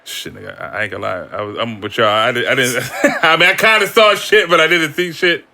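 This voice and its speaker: A man's voice: mid-range voice, quick pace, vocal fry, sharp tone. A man, co-hosting a casual podcast and throwing in crude, playful ad-libs with lots of laughing. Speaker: podcast co-host. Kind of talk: casual chat.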